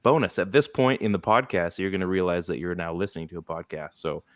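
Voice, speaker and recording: A man with a very low, deep voice hosts a casual sports podcast. He rambles easily and leans on filler words. The sound is dry and close, with no room around it. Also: fairly even intonation, fast talker, dry recording. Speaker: podcast host. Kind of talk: casual fantasy football podcast chat.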